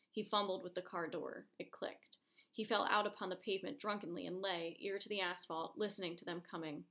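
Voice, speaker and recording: A woman reads a story aloud in a gravelly, creaky voice. Her delivery is steady and measured, a calm storytelling tone at a middling pitch. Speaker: narrator. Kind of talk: reading a short story aloud.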